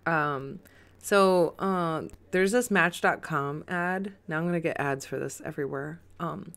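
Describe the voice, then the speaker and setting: A woman's voice: sits low, measured pace, a bit bright. A young adult woman co-hosting a casual podcast, reading chat comments with giggles and lots of ums and likes. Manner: giggly, rambling, many "um"s and "like"s.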